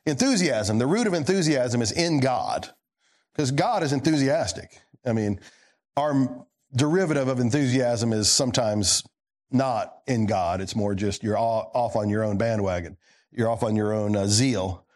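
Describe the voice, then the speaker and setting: This pastor's sermon is expressive and moderately paced, moving from emphatic statements to quiet, low asides. He keeps asking the congregation questions.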